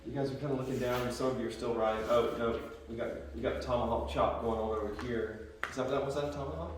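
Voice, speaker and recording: A man's voice: mid-range voice, steady tone, quick pace, a little hiss or hum. A male math teacher lecturing a class in a joking, conversational way, often checking in with his students. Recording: echoey classroom from far off.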